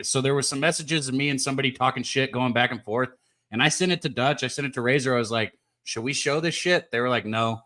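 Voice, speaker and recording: A man's voice: mid-range voice, bright, forceful tone. A man co-hosting a live sports betting talk show, chatty and self-deprecating, swearing casually as he tells a story.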